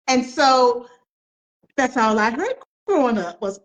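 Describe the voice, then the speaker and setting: A woman's voice: sits high, sing-song, slow, long pauses, fairly bright tone, rough recording. A middle-aged woman author, telling family stories in an interview with emphatic repetition. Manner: emphatic storyteller, repeats phrases for effect. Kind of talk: storytelling in an interview.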